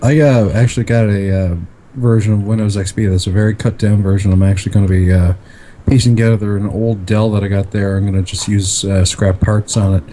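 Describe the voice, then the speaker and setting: Man, casual podcast co-host, low mellow voice, rambling, faint hiss. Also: steady tone, brisk. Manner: rambling storyteller, many fillers. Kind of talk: casual chat.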